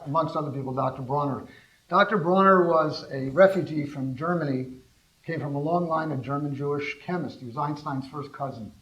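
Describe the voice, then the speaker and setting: An older man from California giving a talk, telling rambling, animated anecdotes and asking the audience questions. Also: on the high side, poor audio. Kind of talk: storytelling talk to a small audience.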